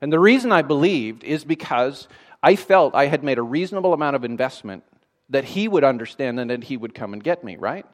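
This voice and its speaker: A man's voice: medium pitch, expressive, fairly quick. A man preaching a sermon in a conversational way, with dry sarcastic asides.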